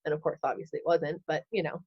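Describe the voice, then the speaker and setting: A woman's voice: low-pitched, flat delivery, quick pace, slightly rough. Woman retelling her story, peppered with "like". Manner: fills speech with "like", acts out her own past thoughts. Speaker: podcast guest. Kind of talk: candid interview storytelling. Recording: dull lo-fi podcast audio.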